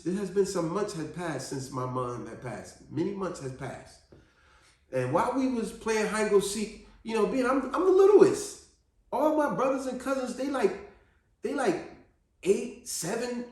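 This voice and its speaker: A man telling a personal story in an earnest, animated monologue, often restarting his sentences. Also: high voice. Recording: very echoey room.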